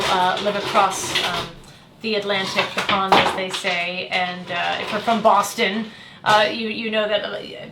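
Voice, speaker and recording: A woman's voice: medium pitch, roomy sound, background noise. A middle-aged American woman hosting a casual livestream chat as a travel show host, rambling with fillers and self-deprecating laughs. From United States.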